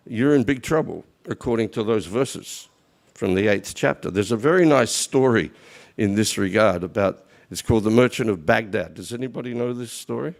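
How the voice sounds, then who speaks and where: A man's voice: fairly low pitch, gravelly. A middle-aged man giving a storytelling sermon in a conversational way, often repeating words as he goes. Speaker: guest speaker at a temple.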